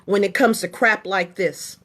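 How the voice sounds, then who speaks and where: A middle-aged woman who served in the military gives an indignant political monologue to the camera, hammering home short, emphatic, repeated statements. Her voice is medium-pitched, a bit bright and a little slow.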